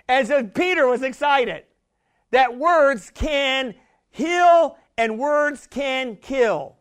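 Male preacher, very high voice, emphatic and repeating himself, building to shouts. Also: slow pace. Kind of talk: sermon.

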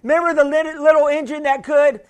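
Pastor, male, chatty sermon delivery with audience call-outs; extremely high voice. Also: level tone, a little fast. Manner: chatty, laughing, calls and responses.

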